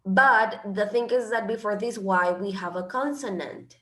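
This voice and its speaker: A woman's voice: medium pitch, moderate pace, a bit bright. Woman teaching English grammar. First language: Spanish. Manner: switches between English and Spanish, explaining patiently. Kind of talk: classroom grammar lesson. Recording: echoey room.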